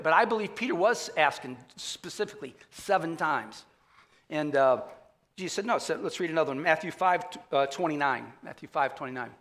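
A man's voice: high-pitched, sharp tone. A man pastor giving a conversational sermon, often asking the congregation questions. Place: church auditorium.

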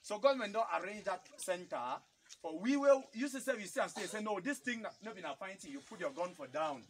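A man speaks with a Cameroonian Pidgin English accent and a high voice. He addresses a crowd in an animated way and keeps appealing to it directly. Faint noise sits behind him. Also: fairly quick. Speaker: public speaker. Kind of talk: outdoor public address.

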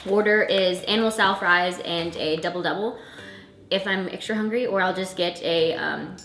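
A woman's voice: medium pitch, pushed and bright. A woman hosting a casual eating vlog, chatty and rambling, laughing often. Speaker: vlogger host. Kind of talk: casual chat while eating. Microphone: camera filmed by a friend. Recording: echoey room with faint music.

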